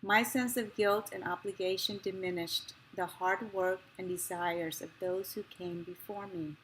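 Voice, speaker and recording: A woman reading a memoir passage aloud, in a slow, measured and gentle way. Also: on the low side, fairly even intonation, a little hiss or hum, low-quality recording.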